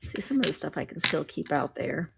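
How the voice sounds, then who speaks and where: A woman's voice: low-pitched, animated, a little fast, gravelly, noisy background. A woman chatting casually while running a live vintage auction, bubbly and playful with sing-song noises.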